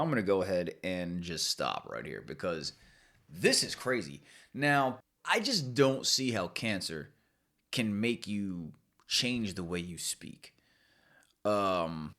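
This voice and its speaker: Young male podcast host, mid pitch, animated delivery, loose and jokey, stumbles on hard words. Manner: rambling, laughing, stumbles over words. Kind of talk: casual comedic commentary on news.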